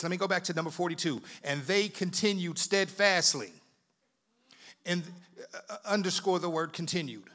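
A male preacher with a high, ringing voice delivers a sermon in a church sanctuary. He stacks repeated words and phrases and climbs into shouting. His tone is bright and forceful. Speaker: pastor.

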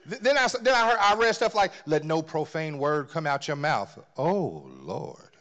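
A man preaching a sermon, dropping to near-whispers and then rising to loud emphatic bursts, often repeating words as he builds. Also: fairly high pitch, very animated, normal speed, muffled recording.

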